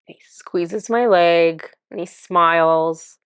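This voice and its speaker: A woman with a somewhat low voice tells a story straight to camera, chatty and amused, often breaking into laughter. Now and then she sinks into a soft, breathy murmur. The recording is dry and close, with no room sound. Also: takes it slowly, no room sound. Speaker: spiritual channeler.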